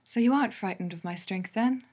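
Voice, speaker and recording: A woman voicing a young alien princess who is eager and teasing, talking in a bright, coaxing, slightly smug way. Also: mid-range voice, a little fast, slightly rough, close to an everyday voice.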